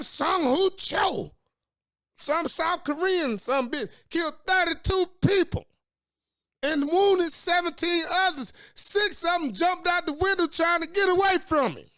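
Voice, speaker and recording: Angry high-voiced man ranting. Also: sing-song, unhurried, pushed and bright, no room sound, studio quality. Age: late 40s. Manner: angry, profane, preachy. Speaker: talk show host. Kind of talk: impassioned monologue.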